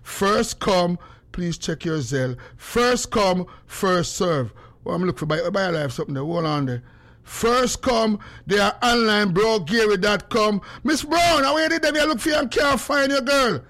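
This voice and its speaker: A Jamaican man hosts a call-in radio show, his voice pitched high and swinging widely as he talks. He tells stories in patois and breaks into laughter often. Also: expressive, normal speed, fairly bright tone. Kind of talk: casual call-in radio chat.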